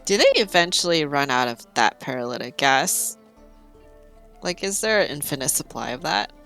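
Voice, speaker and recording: A woman's voice: low voice, lively intonation, moderate pace, creaky, a bit bright, soft background music. A woman playing in a tabletop game, asking playful what-if questions. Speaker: player. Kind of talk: casual tabletop game chat.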